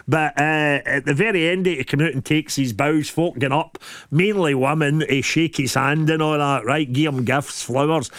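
A man's voice: a little high, fairly bright tone, no echo, clean studio sound. A middle-aged Scottish man hosting a radio show, telling stories and breaking into laughter in casual banter. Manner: laughing, storytelling, quick asides.

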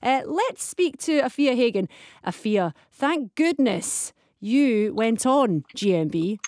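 A woman's voice: fairly high pitch, lively intonation, slow pace, darkish tone, a little hiss or hum. A woman hosting a radio phone-in show, chatty and teasing with her callers and guests. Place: radio studio.

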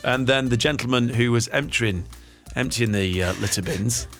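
A man's voice: medium pitch, moderate pace, a bit bright, soft background music. A man hosting a radio show, chatting and joking with his co-hosts in the studio. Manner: jokey and self-mocking.

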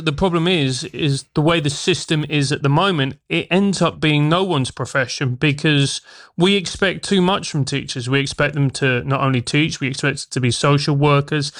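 Man, radio interview guest, articulate, emphatic, somewhat high voice. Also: fairly bright tone. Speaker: guest, former teacher turned comedian.

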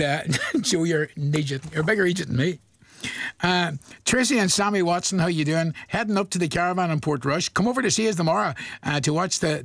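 A chuckling Northern Irish man hosting a radio request show, sending folksy greetings to listeners. His voice sits a little high for a man and has a gravelly, creaky edge. The studio sound is dry and close. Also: fairly bright tone, no echo. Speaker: radio presenter.

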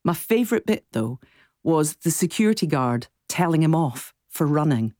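Bubbly woman radio host, low voice. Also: lively intonation, normal speed, warm tone, no echo, studio quality. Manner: bubbly and effusive. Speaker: radio presenter. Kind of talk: casual radio chat. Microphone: studio microphone.

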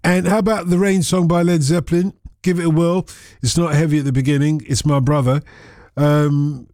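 A man's voice: a little high, little pitch movement, moderate pace, darkish tone, no room sound, studio quality. A man hosting a late-night radio phone-in, rambling and joking between listener messages. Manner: rambling, jokey, filler-heavy banter. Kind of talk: casual chat. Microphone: studio microphone.

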